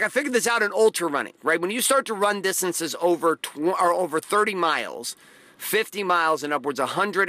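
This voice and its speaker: A man's voice: high voice, pushed and bright, dry recording. A man giving a blunt, profane motivational talk, hammering phrases by repeating them and acting out the people he quotes. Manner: acts out quoted voices. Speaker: motivational host.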